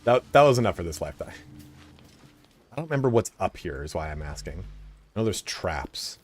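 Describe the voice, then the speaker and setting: A man's voice: sits low, very animated, a little fast, slight background noise. A man streaming a video game, chatting casually in a rambling, frank and profane way, full of fillers. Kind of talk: casual chat while playing.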